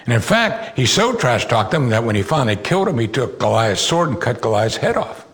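A man preaching a sermon, telling Bible stories with animated delivery and rising sharply when he quotes the characters. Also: mid-range voice, brisk.

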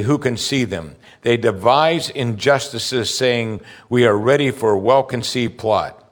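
Male pastor, mid-pitched, animated sermon delivery with big swings in pitch and volume, direct questions to the congregation. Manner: animated preaching, rising loud on high points, dropping low and slow for scripture; addresses listeners with direct questions.

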